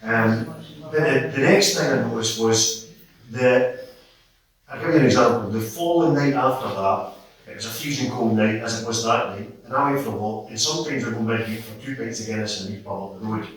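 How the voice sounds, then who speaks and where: A man's voice: mid-range voice, a little fast. A middle-aged man with a Scottish accent, speaking passionately at a public meeting, rambling and restarting as he tells his story. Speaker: audience member at a public meeting. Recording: echoey hall, distant mic.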